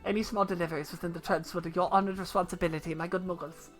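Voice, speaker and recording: A woman voicing a calm, regal leader of a forest realm, reading game dialogue in a soft, measured, formal way. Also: on the low side, faint music behind, natural voice. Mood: gentle.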